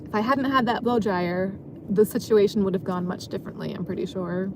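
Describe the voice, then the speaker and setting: A woman's voice: mid-range voice, a little fast, background noise. A woman vlogger rambling casually from her car, self-deprecating and laughing often. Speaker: vlogger and dancer. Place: parked car.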